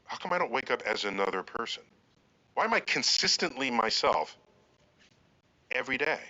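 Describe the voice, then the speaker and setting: Bright-toned man musing aloud. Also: mid-range voice, big pitch swings, normal speed. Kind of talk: casual chat. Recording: dull lo-fi sound.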